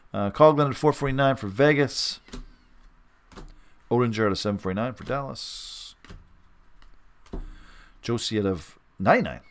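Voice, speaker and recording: A man's voice: on the low side, creaky. Chatty man calling card pulls. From Western Canada. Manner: chatty, rambling, reads out cards with quick upbeat reactions. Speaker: sports card breaker host. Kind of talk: casual live card-break commentary.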